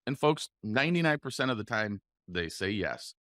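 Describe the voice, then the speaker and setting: A man hosting a solo coaching podcast, explaining sales calls and acting them out with deliberate pauses and shifts in inflection. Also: lowish voice, big pitch swings, fairly bright tone, no echo, studio quality. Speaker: podcast host, real estate coach.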